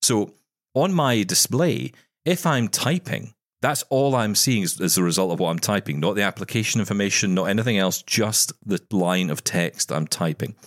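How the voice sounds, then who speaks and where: Very deep-voiced chatty man. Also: normal speed, no room sound, clean studio sound. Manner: chatty, storytelling, jokey asides. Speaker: podcast co-host. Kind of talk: casual chat.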